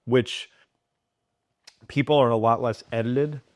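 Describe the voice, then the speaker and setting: A man speaking as a podcast guest, animated and digressive, talking in quick bursts. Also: medium pitch. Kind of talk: conversational interview.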